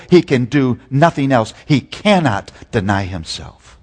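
A man preaching a sermon, swinging between loud emphatic peaks and hushed low lines. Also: expressive, unhurried, big-room sound.

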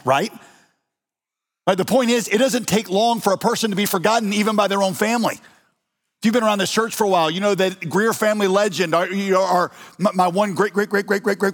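A man's voice: high-pitched, in a large hall. A man with an American accent preaching a sermon to his congregation in a conversational, humorous way, asking the listeners questions. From United States. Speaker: pastor. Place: church hall.

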